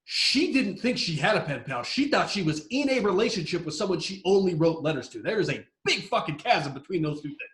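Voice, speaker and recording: A man co-hosting a podcast in casual chat, excitable and ranting, swearing often. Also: high-pitched, fairly quick, hardly any pauses, roomy sound. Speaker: podcast co-host.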